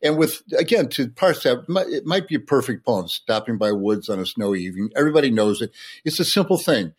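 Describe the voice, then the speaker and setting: Man, podcast guest, enthusiastic explainer, recites verse, mid pitch. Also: expressive, brisk, slightly rough. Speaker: guest sportswriter and poet. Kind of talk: podcast conversation.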